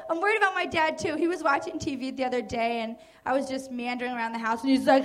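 High-voiced crude comedienne. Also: female voice, fast, hardly any pauses. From New Jersey, US. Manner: casual, crude, self-mocking, with hesitant fillers. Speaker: stand-up comedian. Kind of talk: stand-up comedy set. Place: comedy club stage.

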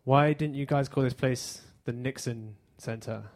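English comic doing a set on stage, deadpan, regular mid voice. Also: male voice, medium pitch, measured pace. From England. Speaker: stand-up comedian. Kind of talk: stand-up comedy set. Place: theater stage.

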